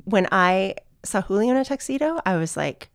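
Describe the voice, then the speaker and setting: A middle-aged woman chatting casually as a guest. She tells her story in a warm, chatty way and laughs often. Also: medium pitch, expressive, moderate pace, no room sound, studio quality.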